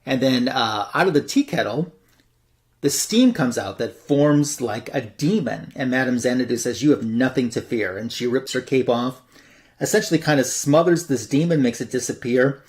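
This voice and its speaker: A man's voice: mid-range voice, expressive, moderate pace. A man hosting a comic book show, casually retelling a story in a loose, rambling way full of fillers. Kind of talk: casual plot recap.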